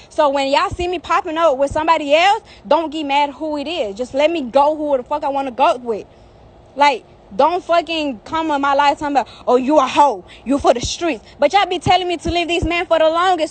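A high-voiced young woman vents on a phone live stream from outside. Her talk is heated, profane and repetitive, and she hammers the same points again and again. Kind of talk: angry live-stream rant. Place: outdoors in the heat.

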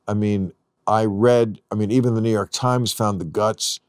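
Blunt, profane middle-aged host. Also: male voice, fairly low pitch, steady tone, normal speed, clean tone, no echo, clean studio sound. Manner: blunt, profane, rising to yelling when worked up. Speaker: podcast host. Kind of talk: casual chat.

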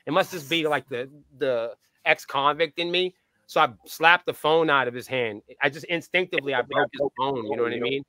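A man, the go-between for a band, tells animated, foul-mouthed stories during a casual podcast interview, acting out each exchange. He talks at medium pitch and a fairly quick pace, with no room sound.

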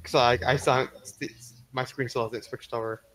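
A man's voice: mid-range voice, steady tone, moderate pace, a bit bright, reverberant, a little hiss or hum, poor audio. A man playing an online card game with friends, chatting and reading cards aloud. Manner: chatty, complains about game glitches. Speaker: player. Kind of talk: casual gaming chat.

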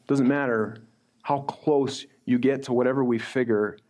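A middle-aged male pastor preaching a sermon in a conversational way, slowing down when he reads scripture aloud. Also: medium pitch, steady tone, a little mellow.

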